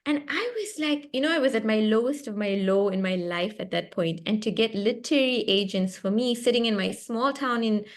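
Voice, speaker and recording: A young South African woman speaks over a video call in a middle-pitched voice. She is an author telling her story with lively energy. She laughs easily and interrupts herself as she goes. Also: a little fast, few pauses. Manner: animated, laughing, lively and expressive, with self-interruptions. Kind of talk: storytelling in a book club chat. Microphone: computer mic on a video call.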